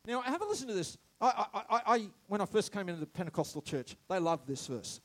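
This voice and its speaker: A man preaching a sermon, animated, shouting some phrases and dropping to quiet asides, stammering when excited. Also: sits high, fast. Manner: animated, swings between loud shouts and quiet asides, laughs often.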